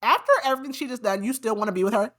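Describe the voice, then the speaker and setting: Talking rapid-fire in a slightly high voice, a podcast host summarizes a book. She's chatty and informal, leaning on "like" and firing off indignant asides about the characters.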